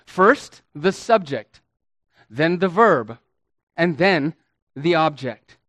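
High-voiced pastor, slow and deliberate. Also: male voice, expressive, a bit bright, dry recording. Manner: deliberate teaching, stretches key words for emphasis; addresses listeners as beloved and friends. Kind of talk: sermon.

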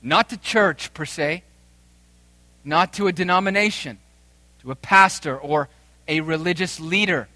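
Emphatic male preacher, bright dry voice. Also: on the high side, dry recording. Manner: emphatic preaching with dramatic pauses and swells. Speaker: pastor. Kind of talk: sermon.

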